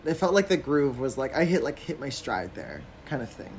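A man's voice: medium pitch, animated, moderate pace, few pauses, a little hiss or hum. A man from Canada, a drag performer, chatting casually as a podcast guest, with many fillers and frequent laughs.

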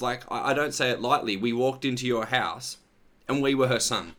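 A man's voice: medium pitch, moderate pace, a bit bright. A man hosting a casual interview, rambling and heartfelt with friendly slang. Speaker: podcast host.

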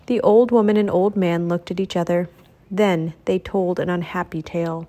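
A woman reading a children's storybook aloud, clear, expressive and steady. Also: fairly low pitch, normal speed.

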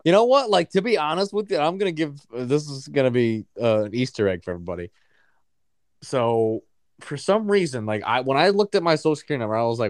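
A man's voice: medium pitch, lively intonation, quick pace, no echo, studio quality. A man from Connecticut hosting a casual podcast, talking in a profane, offhand, rambling way. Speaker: podcast host. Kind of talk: casual chat.

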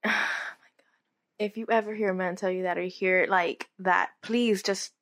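Woman, casual chat, blunt, soft-spoken reactions. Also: medium pitch, steady tone, measured pace. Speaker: friend listening.

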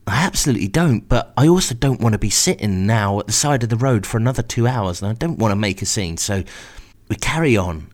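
A man telling a first-person story in a wry, exasperated, animated way. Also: lowish voice, a little fast. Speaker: podcast storyteller host.

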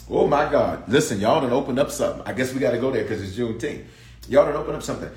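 A man's voice: medium pitch, sing-song, fast, darkish tone. A man preaching a sermon, emphatic and repetitive, calling out to his congregation. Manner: emphatic, repeats phrases, calls out to the congregation. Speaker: pastor. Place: large church sanctuary. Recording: echoey church sanctuary.

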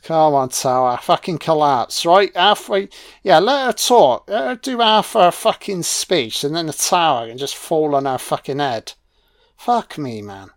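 A man's voice: a little high, lively intonation, measured pace, no echo. Male film commentator: mocking, profane, with a dead-dry mic and no room. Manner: sarcastic, mocking, heavy swearing. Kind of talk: audio-only film commentary rant.

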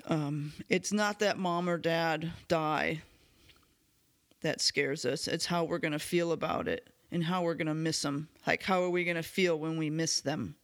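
A man hosting a solo podcast about recovery, talking in an earnest, candid and self-reflective way, his voice slightly hoarse as he clears his throat now and then. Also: on the high side, steady tone, measured pace, fairly bright tone. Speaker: podcast host.

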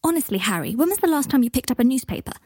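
Bright-minded young witch, earnest and breathy, a bit higher, read by a woman. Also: quick pace, no echo, studio quality. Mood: exasperated. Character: young adult witch, clever and caring.

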